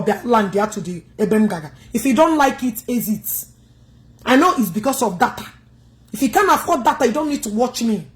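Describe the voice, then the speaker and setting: On a livestream, a Nigerian woman with an Igbo accent goes on a combative rant. Her voice is high, and she scolds her viewers directly.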